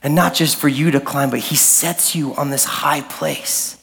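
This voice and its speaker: A male youth pastor gives a sermon in a high, light voice, talking loose and slangy, then pushing hard on the big points. His voice rings out through a large hall with a long reverb tail. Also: fairly even intonation, a little slow, vocal fry, fairly bright tone. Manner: casual and slangy, building to emphatic peaks.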